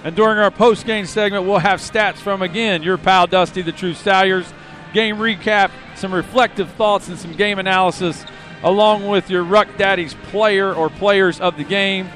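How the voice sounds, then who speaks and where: A playful man with a higher-pitched voice co-hosts a fan sports podcast. He lays out the show lineup in casual pregame banter and keeps slipping in wisecracks. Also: fairly even intonation, fairly bright tone, faint music behind. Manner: joking, playful, quick with wisecracks.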